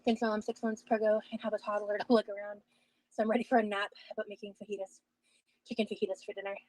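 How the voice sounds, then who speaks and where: A woman's voice: mid-range voice, level tone, fast, a little mellow, poor audio. Breathless woman rambling on a livestream. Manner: rambling, reads chat aloud. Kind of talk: casual livestream chat.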